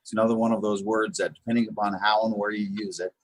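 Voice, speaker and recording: A man with a low, husky voice leads a live beginners' Hebrew lesson. He sounds out each word slowly and often restarts his sentences. The sound is dry and close. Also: little pitch movement, dry recording. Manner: patient, repeats words slowly, many fillers and restarts. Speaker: Hebrew teacher. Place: Chabad house.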